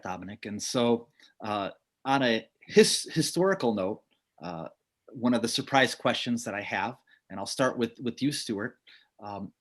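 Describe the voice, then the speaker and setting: A man hosting a video call interview, putting questions in a hesitant way and restarting them. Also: medium pitch. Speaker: interviewer host.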